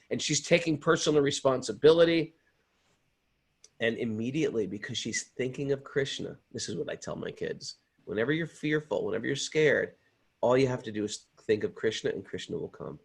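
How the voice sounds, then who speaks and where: A man hosting a spiritual talk, telling a story in an animated, earnest way. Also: mid-range voice, fairly quick, creaky, husky. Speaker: host. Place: home in upstate New York.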